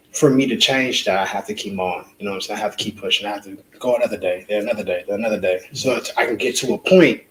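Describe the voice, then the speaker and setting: A young man, a college student on a panel, speaking earnestly and deliberately. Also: mid-range voice, reverberant, a little hiss or hum, rough recording. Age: young adult. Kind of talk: earnest discussion.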